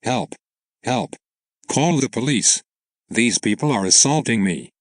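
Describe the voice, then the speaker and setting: A man's voice: mid-range voice, expressive, measured pace, no room sound, close to an everyday voice. A man reading a story aloud and voicing a furious, insulting entitled mother. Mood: angry. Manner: screaming insults. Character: shrill entitled mother, middle-aged, furious.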